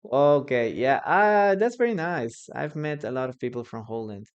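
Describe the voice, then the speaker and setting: Brief: male English teacher, Peruvian Spanish accent, native Spanish, mid-pitched, loose and chatty on a slightly dull livestream. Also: expressive. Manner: chatty, loose, with many fillers and restarts; dictates phrases slowly and repeats them. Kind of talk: live online English lesson.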